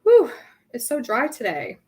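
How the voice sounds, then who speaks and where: Slow, chatty woman teaching a craft. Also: fairly high pitch, wildly swooping pitch, darkish tone, breathy edge. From Southern California. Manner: chatty, rambling, thinks aloud with many ums. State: dry throat. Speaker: craft workshop host. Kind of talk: casual live painting tutorial.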